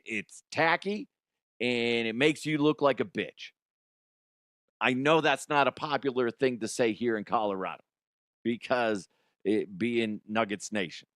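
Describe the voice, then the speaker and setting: Blunt, cursing sports-show host, animated delivery, dry close sound. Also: male voice, medium pitch, no room sound. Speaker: sports comedy podcast host. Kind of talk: profane sports rant.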